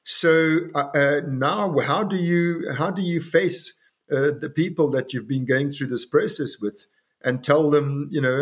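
Older man from South Africa, interview guest; halting and thoughtful, full of fillers and restarts. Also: on the high side. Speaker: interview guest, farm owner. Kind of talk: reflective interview talk.

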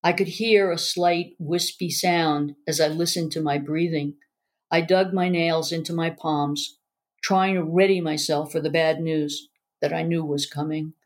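A woman's voice: deep voice, fairly even intonation, a little slow. A woman narrating a first-person memoir aloud in an earnest, emotional way.

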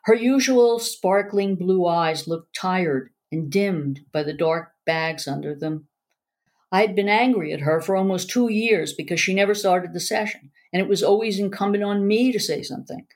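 A woman narrating a first-person memoir aloud in an earnest, emotional way. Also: medium pitch.

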